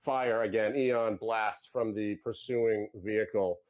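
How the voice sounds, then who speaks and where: A man narrating a tabletop game as game master, in a loose, halting way with many fillers. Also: fairly low pitch, fairly even intonation. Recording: dull lo-fi sound.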